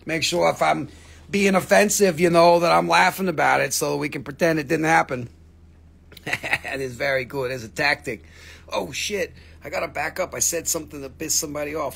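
Man, live-sale host: husky, gravelly, a bit higher than most, loose joking banter, keeps clearing his throat. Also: moderate pace, a bit bright. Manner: joking, rambling, teasing viewers. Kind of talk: casual livestream sales chat. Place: shop studio, indoors.

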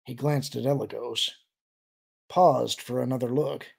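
A man narrating an audiobook in a steady storytelling manner. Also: medium pitch, unhurried, gravelly, husky.

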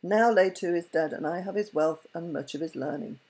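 A woman voicing a wealthy male enchanter who speaks gravely and in a measured way in a storybook reading. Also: lowish voice, a little mellow, poor audio.

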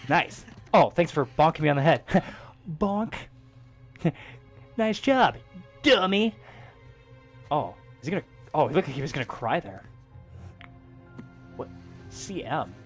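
A young man giving casual gameplay commentary, jokey, swearing a lot and exclaiming loudly. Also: a little high, animated, moderate pace, long pauses, husky, soft background music. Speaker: gaming streamer.

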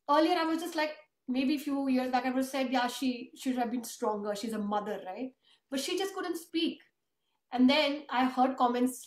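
Woman telling a heartfelt story, high voice, pretty echoey room. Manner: earnest, emotional storytelling. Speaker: host and author. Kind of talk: conversational interview. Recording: roomy echo.

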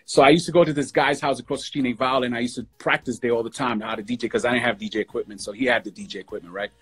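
A man from New York City, a music producer guest, telling stories from his youth in a fast, emotional, casual way over a phone livestream. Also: mid-range voice, fairly even intonation, husky. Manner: fast, emotional storytelling with lots of "bro". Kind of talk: casual storytelling interview.

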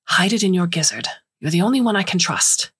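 A woman's voice: lowish voice, lively intonation, normal speed, breathy edge. A woman voicing a scheming older female alien scientist who speaks in urgent, clipped lines.

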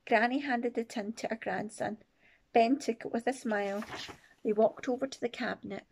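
A woman teacher reading a children's book aloud with expressive, playful asides. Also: a little high, moderate pace, gravelly, husky. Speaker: primary teacher. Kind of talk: storybook read-aloud.

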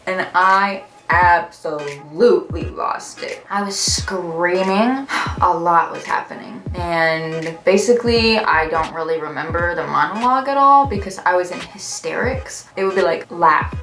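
A young woman vlogger telling a story in a gushing, excitable way, often breaking into laughter. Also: fairly low pitch, measured pace. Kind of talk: story time vlog. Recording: roomy echo, faint music.

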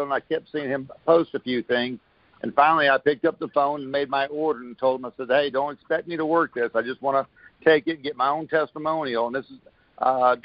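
A man's voice: mid-range voice, no echo. Upbeat rambling man on a muffled call. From Florida. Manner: rambling, upbeat, many restarts. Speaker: caller giving a product testimonial. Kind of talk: casual phone call testimony.

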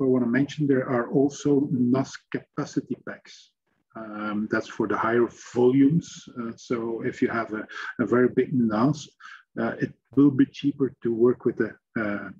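A man presenting a webinar training session, talking in a halting way with many fillers. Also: mid-range voice, darkish tone. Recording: dull lo-fi sound with faint noise.

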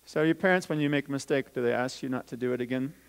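A man's voice: mid-range voice, fairly even intonation, fast talker, vocal fry, clean tone, poor audio. A man, a pastor, reading a scripture story aloud and explaining it simply to children. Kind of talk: children's talk. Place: church sanctuary.

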